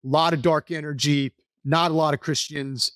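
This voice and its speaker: Podcast guest, Texas-raised man, earnest rambling storyteller, slightly high voice, dry close sound. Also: fairly even intonation, normal speed, fairly bright tone, no echo. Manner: earnest, rambling, many restarts. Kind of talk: casual storytelling interview.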